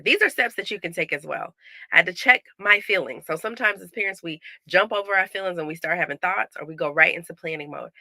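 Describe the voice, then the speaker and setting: Gravelly, bright-voiced woman chatting candidly. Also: deep voice, no echo. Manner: chatty, candid, animated asides to viewers. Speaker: parenting coach. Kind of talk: casual direct-to-camera vlog. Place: small closet at home.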